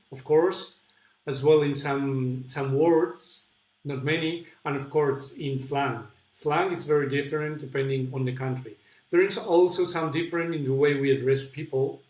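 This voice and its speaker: Slow, patient man teaching. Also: on the high side. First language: Spanish. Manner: patient, repeats examples slowly, answers viewer questions. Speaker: Spanish teacher. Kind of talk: online webinar lesson. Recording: echoey room.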